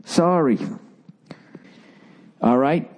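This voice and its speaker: A man's voice: fairly high pitch, very slow, a little mellow. A middle-aged man hosting a podcast, ranting with exasperated, profane comic energy. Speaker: podcast host. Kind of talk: comedic rant.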